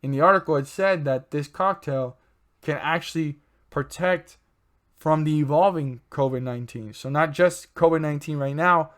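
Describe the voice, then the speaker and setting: A man's voice: on the high side, moderate pace. A man hosting his own stock channel, talking in a loose, rambling way, with many fillers and self-corrections. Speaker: stock market channel host. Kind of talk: casual rambling commentary.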